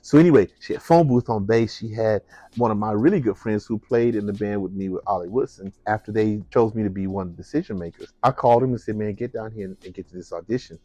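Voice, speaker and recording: A man, a musician, telling a personal story in an animated way, acting out the voices of the people in it. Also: fairly low pitch, no echo. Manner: animated, acts out voices, laughs while telling.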